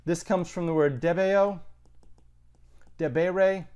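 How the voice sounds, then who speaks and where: A man's voice: high-pitched, slow, darkish tone, clean tone, muffled recording. A man teaching a Latin lesson, thinking aloud with casual asides. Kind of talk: recorded lesson.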